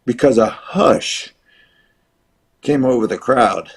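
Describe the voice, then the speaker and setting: A man in his seventies from the United States, a retired wrestler telling an animated anecdote as an interview guest. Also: a little high, normal speed. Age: 70s. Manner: animated, acts out quoted voices and crowd noise. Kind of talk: storytelling anecdote.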